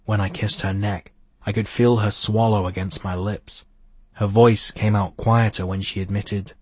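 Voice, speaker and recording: A low, husky male voice, reading first-person romance fiction in an intimate, measured manner. The recording is close and completely dry, with no room sound. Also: level tone, darkish tone, no room sound. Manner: intimate, measured, slowing on key phrases. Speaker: audiobook narrator.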